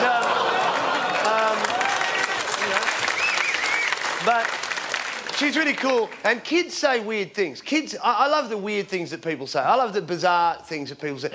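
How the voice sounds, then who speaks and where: A man in his forties with a notably high voice works a live room, rambling through deadpan stories and then shouting out his punchlines. The audience laughs and claps loudly around him, and there is steady background noise. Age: 40s. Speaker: stand-up comedian. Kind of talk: stand-up comedy routine. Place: comedy stage before a live audience. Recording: loud crowd laughter and applause, background noise. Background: audience laughing and clapping.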